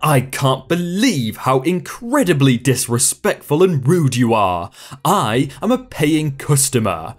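An entitled middle-aged woman customer, demanding and indignant, as a male narrator puts her on. Her lines swing up and down in pitch with real liveliness. Quiet music plays under the reading. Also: sing-song, takes it slowly, exaggerated voice.

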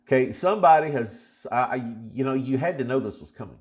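A man's voice: medium pitch, very animated, quick pace, few pauses. A man, a pastor chatting casually and then reading Scripture with emphatic, folksy repetition. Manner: emphatic, folksy, repeats for stress. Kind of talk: casual chat and Bible reading.

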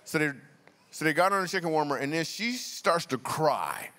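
A guest speaker gives a jokey, conversational sermon, trading banter with the crowd in a large church hall. He sounds a little high, animated, bright, and forceful at a moderate pace. The live audio has a long reverb and a slight hiss or hum.

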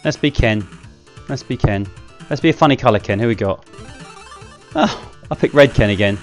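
A man giving casual, self-mocking commentary while playing a fighting game, with excitable outbursts. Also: medium pitch, normal speed, soft background music. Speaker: gaming channel host.

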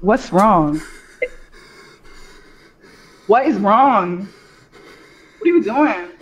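A man's voice: high voice, expressive, extremely slow, dull audio. A man trash-talking a beaten gaming opponent, teasing and gloating. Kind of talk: trash talk over a voice call.

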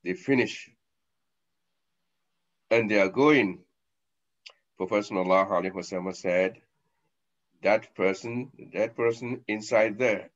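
A man, a sheikh giving a sermon, acting out scenes with sudden loud and soft turns, on a dull lo-fi recording. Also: lowish voice. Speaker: sheikh, lecturer.

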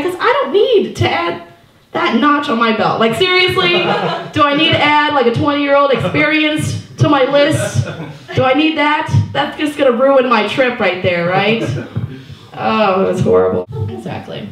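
A woman's voice: sits high, animated, moderate pace, reverberant, crowd noise. A woman in her thirties doing a stand-up set, chatty and self-mocking, full of "like" and "you know". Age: 30s. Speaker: stand-up comedian. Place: small comedy venue with a live audience.

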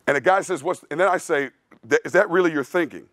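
A male strength coach talks fast in a fairly high, slightly bright voice during a clinic presentation. He preaches bluntly in a casual style, calling listeners "dude" over and over; the sound is clean studio audio with no echo.

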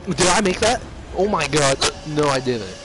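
A man's voice: on the high side, lively intonation, moderate pace. A young man streaming a car soccer game, groaning and coughing with hiccups and nausea as he chats casually with a friend. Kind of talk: casual gaming banter. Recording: noisy home stream audio.

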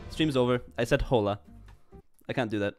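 A young man chats on his game livestream, his medium-pitched voice a little fast and a little mellow. The talk is goofy and rambling, full of self-mockery and stammered restarts, with faint jazz in the background.

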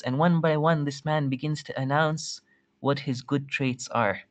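A man's voice: on the high side, fairly even intonation, unhurried, no echo. A man teaching a religious studies class, retelling a story and quoting Arabic texts with many restarts and repeated words. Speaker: instructor. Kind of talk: recorded religious studies lecture.

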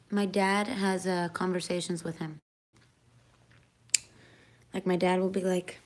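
A young woman chatting excitedly on a live stream, dropping into whispers now and then. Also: mid-range voice, slow pace, gravelly, long pauses, slight background noise. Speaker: singer doing a live Q&A stream. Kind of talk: casual live-stream chat.

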